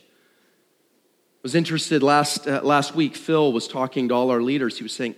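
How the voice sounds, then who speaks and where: A middle-aged man preaching a sermon, swinging between loud and hushed. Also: mid-range voice, unhurried, pauses often. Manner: animated, dramatic shifts between loud and hushed. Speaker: pastor. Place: church sanctuary. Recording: long reverb of a large hall.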